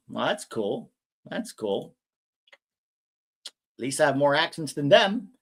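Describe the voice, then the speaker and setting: Young male streamer, higher voice, rambles through chat questions. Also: sing-song, slow, pauses often, bright, forceful tone, slightly rough. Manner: chatty, rambling, reads viewer comments aloud. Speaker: watch-along host reading chat. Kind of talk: casual live-stream chat.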